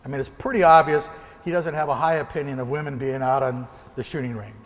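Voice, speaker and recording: A motivational speaker from the American Northwest, a man, telling a lively story during a keynote and acting out gunshots. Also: medium pitch, fast talker, in a large hall. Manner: animated, acts out gunshots and quoted voices. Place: large hall before an audience.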